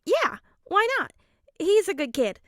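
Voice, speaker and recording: A woman's voice: extremely high pitch, sing-song, a little slow, a bit bright, no echo, clean studio sound, voice pushed up, heavily acted. A woman voicing an eager, cheerful adult father in a fanfic audiobook reading.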